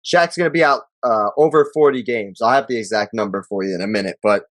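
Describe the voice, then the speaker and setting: A man's voice: on the low side, quick pace, a bit bright, dry recording. A man co-hosting a sports podcast, joking and swearing casually, reading out news articles. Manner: joking, profane, reads articles aloud. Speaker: podcast co-host.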